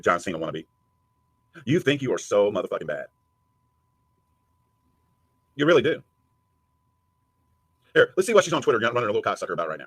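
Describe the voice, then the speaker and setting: A husky-voiced man taunts a rival on a livestream, swearing freely. His pitch leaps up and down as he mocks, and he talks at a rapid clip. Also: fairly bright tone. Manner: taunting, profane, mocking. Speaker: livestream host. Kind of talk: heated live commentary.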